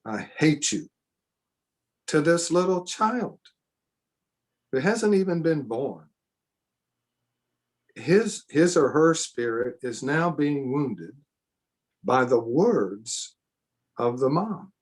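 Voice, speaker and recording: A man's voice: on the high side, animated, slow, long pauses. A middle-aged man teaching a church seminar in an earnest way, repeating himself for emphasis and adding spontaneous asides. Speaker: preacher.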